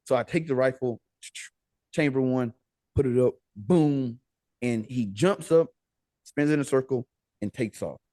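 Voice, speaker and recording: An American man as a podcast guest, telling a story in a casual, animated way, laughing and acting out the dialogue. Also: medium pitch, measured pace, pauses often, dry recording.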